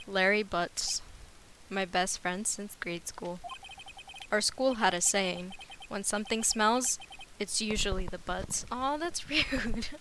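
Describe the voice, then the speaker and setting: A woman's voice: medium pitch, background noise. A woman streamer playing a courtroom game, reading its dialogue aloud with a nervous, stammering delivery. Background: game music.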